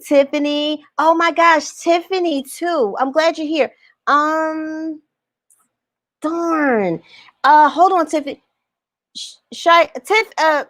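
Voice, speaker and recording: A woman's voice: high voice, dry recording, studio quality. Emphatic woman coaching on a livestream. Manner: emphatic, repeats phrases, asks the audience questions. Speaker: online business coach. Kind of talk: livestream talk reading viewer comments.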